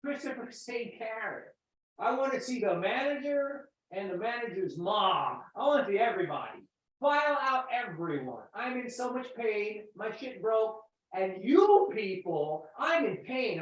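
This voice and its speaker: A man playing an entitled, profane patient who demands the manager, ranting and shouting. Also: high-pitched, very animated, normal speed. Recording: echoey, distant, dull sound.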